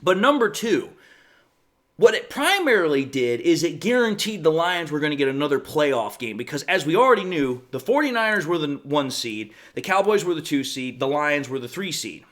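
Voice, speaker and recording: A man's voice: fairly high pitch, big pitch swings, normal speed, a bit bright. A man hosting his own sports commentary show, talking casually and at length in a folksy way. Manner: folksy, talkative, says y'all and folks. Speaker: host.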